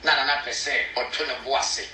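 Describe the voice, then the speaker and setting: A man with a Ghanaian accent, a chief's spokesman, explaining customs with lively asides. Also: mid-range voice, fairly quick, reverberant, recorded from a distance, slight background noise, poor audio. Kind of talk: explaining to a local news camera.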